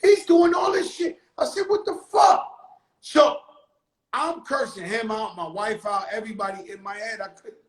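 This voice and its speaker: A man hosting his own live stream, telling a story in a casual, animated and profane way, with sudden shouted bursts. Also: sits high, moderate pace, echoey room, poor audio. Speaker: livestream host telling a story. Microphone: phone on a live stream.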